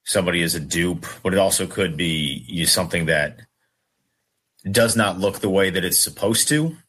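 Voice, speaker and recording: A man's voice: sits low, normal speed, a bit bright. A man on a sports-talk radio show, answering in a laid-back way and telling a rambling story. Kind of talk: casual storytelling.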